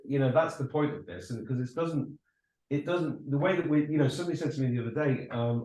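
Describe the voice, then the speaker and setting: A man's voice: fairly high pitch, lively intonation, quick pace, darkish tone. Upbeat male host, roomy sound. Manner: enthusiastic, praising. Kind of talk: casual video-call chat.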